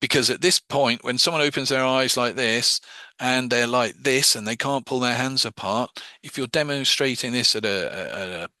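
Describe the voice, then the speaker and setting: A man's voice: medium pitch, normal speed, sharp tone, dry recording. A man teaching hypnosis, explaining his own wording step by step as he demonstrates the techniques.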